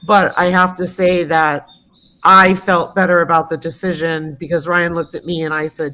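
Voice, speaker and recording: A woman co-hosting a casual farm livestream, her voice bright and forward though pitched a little low. She talks in a chatty, storytelling way, relaxed and conversational. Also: normal speed. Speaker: livestream co-host. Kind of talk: casual chat. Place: home farm.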